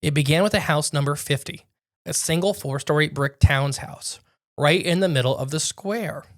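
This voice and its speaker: A man's voice: a little high, normal speed. A young man co-hosting a podcast, casually narrating a spooky tale with frequent restarts and self-corrections. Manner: rambling, self-correcting storyteller. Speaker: podcast co-host narrating a story. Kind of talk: casual storytelling chat.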